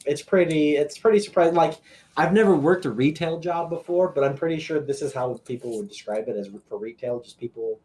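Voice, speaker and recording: A young man in a casual podcast chat, talking in a relaxed, halting way with sarcastic asides. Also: medium pitch.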